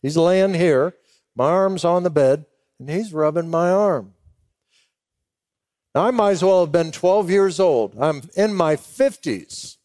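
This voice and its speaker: Middle-aged preacher guy, kinda high voice, dry close sound, emotional storytelling, slows down for weight. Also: expressive, a little mellow, dry recording. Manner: acts out both sides of remembered dialogue. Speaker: pastor. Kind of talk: sermon.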